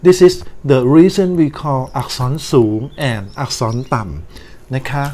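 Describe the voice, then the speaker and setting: A woman with a Thai accent, a native Thai speaker, teaching a recorded language lesson in English, explaining slowly and carefully and adding Thai polite particles. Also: rumbling low, lively intonation, mellow.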